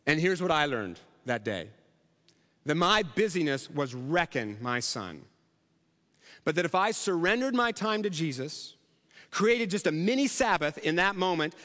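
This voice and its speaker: A middle-aged male pastor with a high voice preaches, telling stories in a conversational way and tossing out rhetorical questions. His voice carries a long reverb of a large hall. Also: animated, moderate pace, fairly bright tone. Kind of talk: sermon.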